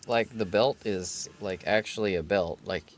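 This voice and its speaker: A man hosting a casual unboxing video, talking in a relaxed, rambling way with many fillers and self-corrections. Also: fairly low pitch, unhurried. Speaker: vlog host unboxing a collectible figure. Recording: steady background noise.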